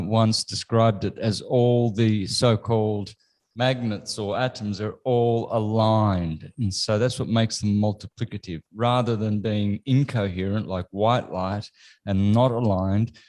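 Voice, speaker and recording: A man with a low voice hosts a casual interview. He speaks tentatively, restating his guest's ideas and checking that he has them right. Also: steady tone, unhurried, a little mellow. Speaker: podcast host.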